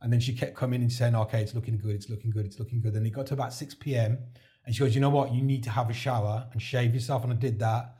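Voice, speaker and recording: Fast and mellow, with a medium pitch and fairly even intonation, a man recounts his heart transplant story as a podcast guest. It's casual interview storytelling, delivered chattily as he relives events through acted-out quoted dialogue.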